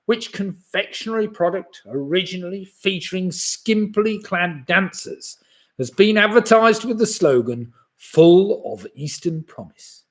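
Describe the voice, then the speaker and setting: A man's voice: high voice, expressive, a little slow. A man in his sixties hosting a live online pub quiz. He reads each question twice and chuckles at his own jokes. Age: 60s.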